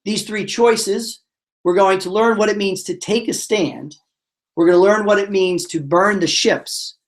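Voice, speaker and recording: Animated man giving a motivational webinar. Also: high-pitched, unhurried. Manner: animated storyteller, acts out voices. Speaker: motivational speaker.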